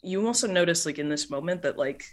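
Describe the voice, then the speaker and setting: A woman's voice: lowish voice, lively intonation, quick pace. A woman narrating as game master in a casual way, with many filler words.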